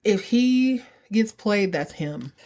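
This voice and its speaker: A woman's voice: mid-range voice, animated, a little mellow. Sassy, chatty woman recapping episodes. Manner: chatty, sassy, quick asides. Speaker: podcast host.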